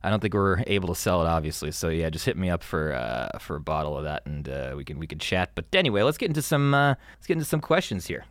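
A man's voice: sits low, sing-song, fast, hardly any pauses, no room sound, clean studio sound. A young man hosting an advice podcast in casual chat, rambling and stammering with lots of swearing. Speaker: podcast host.

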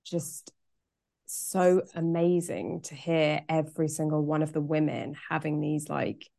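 A woman's voice: deep voice, fairly even intonation, a little slow, creaky, mellow. A woman who works as a coach, co-hosting a casual chat and talking in an earnest, reflective way. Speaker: coach and podcast co-host.

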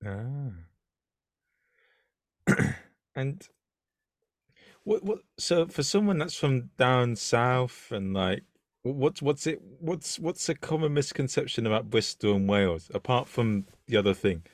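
A man's voice: mid-range voice, animated, slow pace, pauses often, no echo, studio quality. A man hosting a casual interview, asking questions with lots of stumbling restarts. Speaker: interview host.

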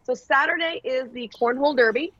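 A woman's voice: sits high, fairly quick, a bit bright, muffled recording. A woman co-hosting a casual podcast, chatty, announcing upcoming track events with some fillers.

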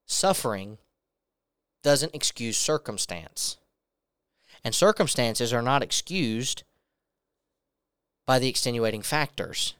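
A man's voice: mid-range voice, expressive, slow, long pauses, fairly bright tone, clean tone, no room sound, clean studio sound. A young man giving a personal testimony as a sermon, earnestly telling a story and acting out the dialogue in it. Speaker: preacher.

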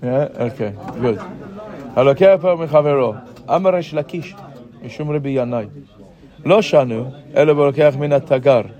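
A man teaching a Gemara class, explaining and checking with his students with frequent "right?" questions and halting restarts as he reads the text. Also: mid-range voice, dark tone, dull audio. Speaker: Talmud teacher. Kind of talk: Gemara class mixing English and Hebrew terms.

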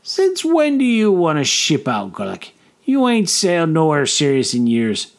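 A man voicing a blunt, wiry male sailor who talks in rough dockside slang. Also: fairly high pitch, huge pitch swings, a little slow, voice pushed up, exaggerated voice.

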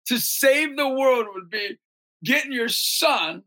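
Speaking slowly, a man who leads a youth ministry and coaches basketball shares stories in an animated interview. He regularly switches into shouts and high-pitched voices.

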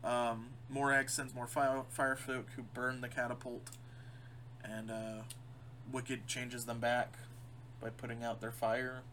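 A man's voice: medium pitch, flat delivery, pushed and bright, slight background noise, rough recording. A man co-hosting a podcast, casually recapping a cartoon episode, swearing and mimicking characters' lines. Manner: swearing, recaps plot with quick mimicked quotes. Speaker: podcast co-host.

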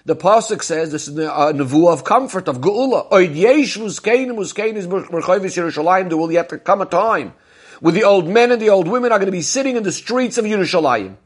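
A man's voice: high-pitched, animated, brisk, husky. A man teaching as a Torah teacher, explaining a Talmudic discourse in a methodical way, posing questions and then answering them, and retelling stories step by step.

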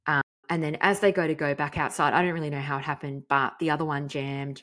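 A woman, a mother telling a story in a frank, chatty, animated way. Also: low-pitched, brisk, hardly any pauses. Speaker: podcast host. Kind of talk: casual storytelling monologue.

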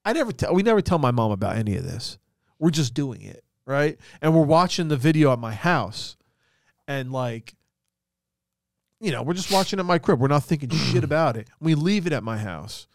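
A man's voice: a little high, very animated, normal speed, vocal fry, no echo, clean studio sound. A man with a New Jersey accent, co-hosting a podcast and telling a story in casual, profane chat full of "like" fillers. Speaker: podcast co-host.

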